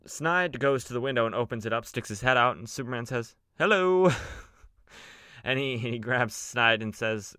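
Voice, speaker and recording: Chatty man recapping comics, crisp and dry. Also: mid-range voice, pushed and bright, no echo. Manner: loose and chatty, many fillers, playful voices for quoted characters. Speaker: podcast host recapping comics. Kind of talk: casual comic recap with acted quotes.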